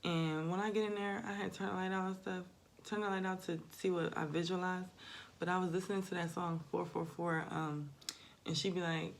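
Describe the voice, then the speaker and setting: A woman's voice: lowish voice, fairly even intonation, a little fast. A woman, talking through a casual, rambling confessional monologue, swearing freely. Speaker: spiritual vlogger.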